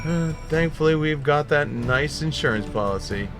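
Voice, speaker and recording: A man voicing a weary middle-aged sellsword who grumbles slowly through a tired tale. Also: fairly high pitch, expressive, music in the background. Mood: grim. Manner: slow, grumbling, world-weary.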